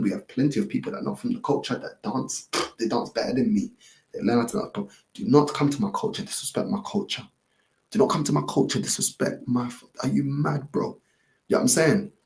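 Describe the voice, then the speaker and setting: A man's voice: mid-range voice, a little mellow. A man, ranting on a live stream in emphatic, repetitive street slang. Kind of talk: heated IRL stream rant.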